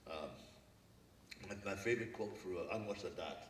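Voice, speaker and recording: A man's voice: sits low, moderate pace, slight background noise. An older man from Brooklyn, a guest speaker telling stories at a public forum, earnest and reflective. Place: lecture hall. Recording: echoey hall from far off.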